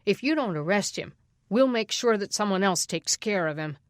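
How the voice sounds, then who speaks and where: A woman's voice: medium pitch, lively intonation, normal speed, no echo, studio quality, natural voice. A woman voicing an angry father making threats.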